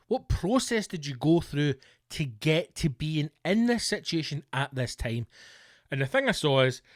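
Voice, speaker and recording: A man's voice: a little high, dry recording. Ranting Scottish man, dry close sound. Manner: profane, exasperated ranting with rhetorical questions. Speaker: podcast host. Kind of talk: solo comedic rant podcast.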